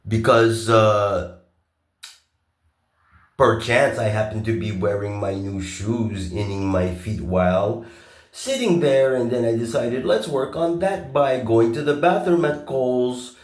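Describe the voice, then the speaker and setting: A man talking in a long, rambling monologue. He swears a lot, turns sarcastic, and stops often on filler pauses. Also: medium pitch, reverberant. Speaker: vlogger.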